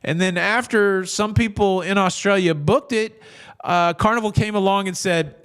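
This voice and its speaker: A middle-aged man hosts a casual news commentary, rambling along and breaking into jokey asides. His voice sits a little high for a man. He restarts his sentences often in an easy, chatty way. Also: normal speed, fairly bright tone, clean tone. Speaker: cruise news host.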